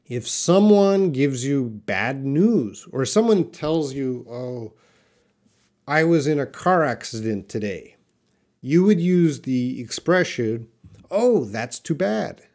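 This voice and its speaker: Slow, patient male English teacher. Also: mid-range voice, expressive, a little mellow. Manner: slow, patient, explains with example sentences. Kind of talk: live-stream Q&A lesson.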